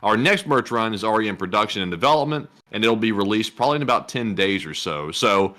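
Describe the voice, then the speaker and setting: A man's voice: fairly low pitch, animated, fast, sharp tone. A man co-hosting a livestream who reads viewers' messages aloud and chats in an upbeat, casual way. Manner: upbeat, chatty, talks about merch plans. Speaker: co-host reading super chats.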